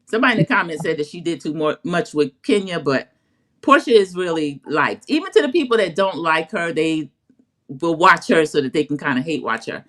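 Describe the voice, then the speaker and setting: A woman's voice: low voice, animated, fairly quick, fairly bright tone. A woman co-hosting an online talk show, recapping a reality series in a chatty, opinionated way. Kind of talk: casual recap chat.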